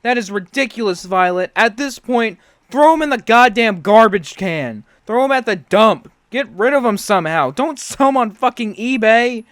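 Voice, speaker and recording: Sarcastic high-voiced male reactor. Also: animated, moderate pace, hardly any pauses, fairly bright tone. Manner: sarcastic, profane. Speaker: reaction video host. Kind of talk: reaction commentary.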